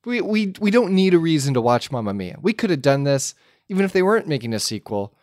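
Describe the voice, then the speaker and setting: A man co-hosting a casual movie review podcast, cracking dry, deadpan jokes. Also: fairly high pitch, fast, no echo. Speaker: podcast co-host.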